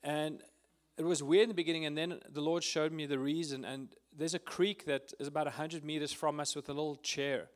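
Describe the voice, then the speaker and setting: A man giving an earnest, emotional testimony at a prayer meeting, sometimes close to tears and pausing with fillers. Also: a little high, steady tone. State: tearful at times.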